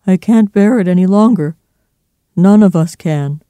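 Frightened loyal butler, read by a man, shaken and pleading, in a warm dry voice. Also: a little high, unhurried, no room sound, lightly acted. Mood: fearful.

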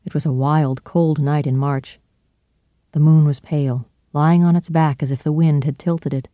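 A man narrating a classic novel in a clear, steady storytelling style. His voice is mellow and dark, and the recording is dry and close. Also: fairly high pitch, normal speed, dry recording. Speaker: audiobook narrator. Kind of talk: scripted narration.

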